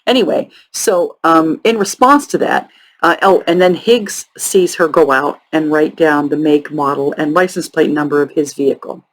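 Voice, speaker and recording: A woman hosting a true crime show, telling the case in a casual, halting way with frequent sarcastic and profane asides. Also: low voice, low-quality recording. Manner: halting, many ums and restarts. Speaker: true crime podcast host.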